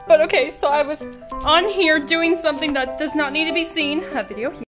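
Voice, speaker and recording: Vlogger, woman, high voice, gushing and excitable, music underneath. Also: a little fast. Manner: excitable, gushing, repeats exclamations. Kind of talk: casual vlog chat. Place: hotel room. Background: background music.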